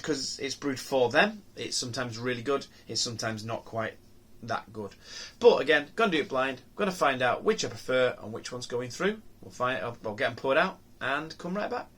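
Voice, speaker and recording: A man in mid-range pitch talks through a beer tasting on his own show. He rambles and muses aloud, trailing off, restarting and asking himself questions as he sniffs and sips. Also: fairly bright tone. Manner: rambling, musing, lots of ums and restarts. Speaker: beer reviewer. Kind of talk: casual review monologue.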